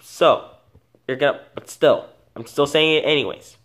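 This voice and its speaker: Rambling man with a higher voice. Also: moderate pace, fairly bright tone. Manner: rambling, many false starts and self-corrections. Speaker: host of an animal video channel. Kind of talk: casual unscripted animal talk.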